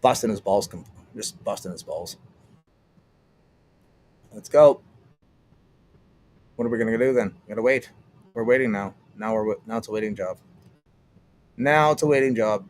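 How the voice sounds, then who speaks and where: A man's voice: fairly low pitch, moderate pace, pauses often. Rambling, profane young streamer man. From Canada. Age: young adult. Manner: rambling, profane, trails off and restarts. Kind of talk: casual livestream chat.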